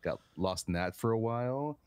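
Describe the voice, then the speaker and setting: Deep-voiced man telling stories casually. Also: moderate pace, clean tone. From California, United States. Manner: relaxed storytelling, repeats words when he starts a thought. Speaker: podcast co-host. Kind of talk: casual chat.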